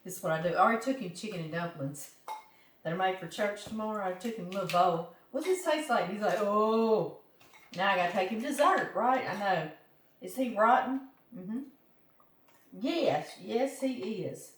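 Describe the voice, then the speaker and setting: A chatty Southern woman from Louisiana talks straight to her viewers while she cooks. Her voice comes from a distance in an echoey home kitchen, with clear background noise around her. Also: medium pitch, lively intonation, normal speed. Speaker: home cooking vlogger. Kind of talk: casual kitchen chat. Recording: roomy kitchen, mic at a distance, noisy.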